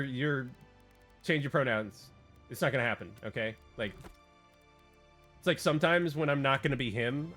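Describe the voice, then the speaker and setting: Male streamer, bright voice, rambling and jokey, faint game music behind. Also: medium pitch. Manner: rambling, jokey, lots of fillers and restarts. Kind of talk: casual gaming stream chat.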